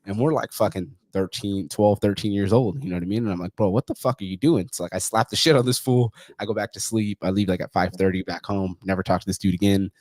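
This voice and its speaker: A man's voice: on the low side, fast, few pauses, darkish tone, no room sound. A man in his thirties from California, hosting a podcast and telling personal stories in a profane, casual way, acting out the voices of people he quotes. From California, USA.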